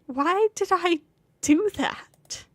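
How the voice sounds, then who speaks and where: A woman's voice: extremely high pitch, animated, extremely slow, no echo, voice pushed up, exaggerated voice. A woman reading the first-person narration of a flustered young male student, bewildered and rambling. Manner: bewildered, rambling inner monologue.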